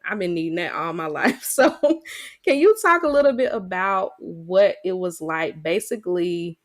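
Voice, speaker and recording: A woman hosting a podcast, asking questions in a relaxed, casual interview chat. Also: lowish voice, normal speed. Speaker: podcast host.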